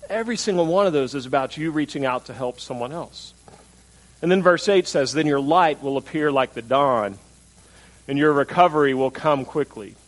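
A man's voice: fairly high pitch, moderate pace, low-quality recording. A man preaching a sermon in a conversational style, asking the congregation questions and acting out attitudes in mocking voices. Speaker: pastor.

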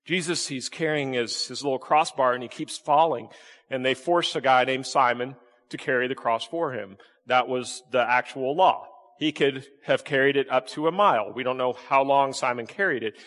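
Folksy pastor preaching in a hall. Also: male voice, a bit bright. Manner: folksy, acts out voices with big pitch jumps. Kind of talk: sermon. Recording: echoey hall reverb.

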